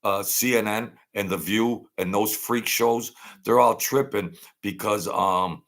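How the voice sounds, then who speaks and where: A man's voice: on the low side, measured pace, fairly bright tone. A middle-aged man hosting a late-night hangout stream, rambling in a mocking tone and repeating himself. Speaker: channel host.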